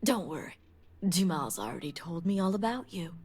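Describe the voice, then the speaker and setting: An actress playing a guarded female noble elder and spymaster in a video game, speaking in a measured, formal way with breathy edges. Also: lowish voice, very animated, darkish tone. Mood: stern. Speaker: game character.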